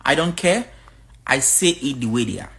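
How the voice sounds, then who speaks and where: Talking straight to camera in a relaxed vlog, this African woman is frank and outspoken. Her gravelly voice moves at a moderate pace, with large pitch swings from line to line.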